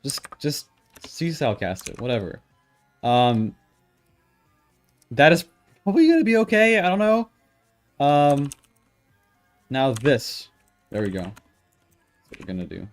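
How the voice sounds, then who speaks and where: A man's voice: medium pitch, wildly swooping pitch, unhurried, long pauses. A man talking to himself as he codes, muttering, swearing and grumbling in exasperation. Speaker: programmer streaming his work. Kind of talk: casual talk-aloud coding session. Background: keyboard typing and faint music.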